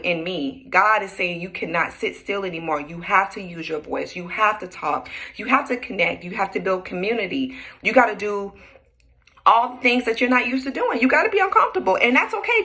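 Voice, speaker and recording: A woman's voice: medium pitch, pushed and bright. A young adult woman giving an emphatic, preachy spiritual talk in a casual, repetitive way. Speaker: spiritual vlogger. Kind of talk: inspirational monologue.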